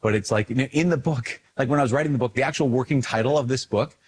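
A man, a priest, talking casually in a video, animated and self-mocking, rambling with fillers. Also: medium pitch, fast talker, husky. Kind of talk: casual video talk to camera.

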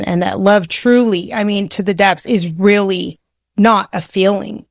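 Woman, podcast co-host, heartfelt and emphatic, mid-pitch, dry close sound. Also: no room sound. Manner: heartfelt, emphatic, rushes ahead at times. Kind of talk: faith-based podcast conversation.

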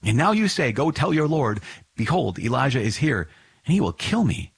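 A man's voice: mid-range voice, very animated, normal speed, vocal fry, breathy edge, no room sound, voice pushed up, exaggerated voice. Frightened male servant pleading for his life, voiced by a male reader; dry, close sound. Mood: fearful pleading.

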